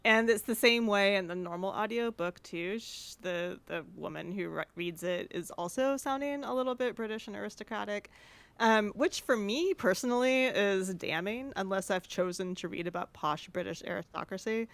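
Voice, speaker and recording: A woman's voice: mid-range voice, moderate pace, no room sound. Woman co-host, opinionated casual storyteller, dry close mic. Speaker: podcast co-host. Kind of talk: casual chat, book review.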